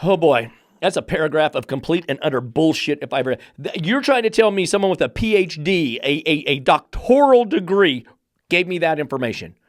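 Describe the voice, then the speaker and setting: A man's voice: fairly high pitch, animated, brisk, no room sound, studio quality. A man hosting a podcast about dog training, ranting bluntly and sarcastically, swearing freely as he gets fired up. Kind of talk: podcast rant.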